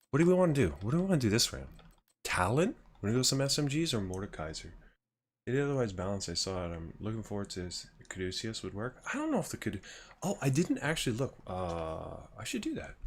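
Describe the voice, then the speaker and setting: A man's voice: medium pitch, very animated, a little fast, a little hiss or hum. A man streaming a game live, chatting casually with viewers, swearing freely and rambling through his thoughts. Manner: chats with viewers. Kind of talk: live gameplay commentary.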